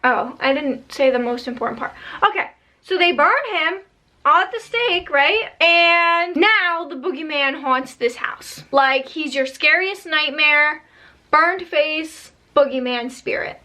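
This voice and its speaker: A woman telling a spooky story in a casual, chatty storytime style, tossing in slangy asides to her viewers. Her voice sits high and sounds bright and sharp. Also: a little slow.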